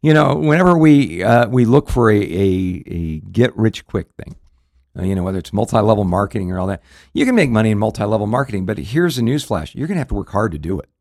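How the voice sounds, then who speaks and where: A man's voice: fairly low pitch, lively intonation, fast talker, darkish tone. A man hosting a radio talk show, telling a story casually with many fillers and restarts.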